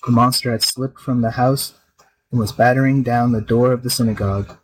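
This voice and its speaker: A man narrating a folk tale in a steady, expressive reading. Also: medium pitch, brisk, low-quality recording. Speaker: storyteller. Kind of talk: scripted storybook narration.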